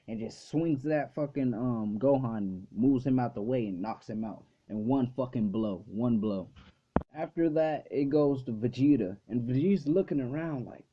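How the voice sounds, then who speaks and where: A man hosting a casual video review who talks loosely and swears a lot, with many fillers. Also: medium pitch. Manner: loose and profane, full of "like" fillers. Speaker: anime reviewer and channel host. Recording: dull lo-fi recording.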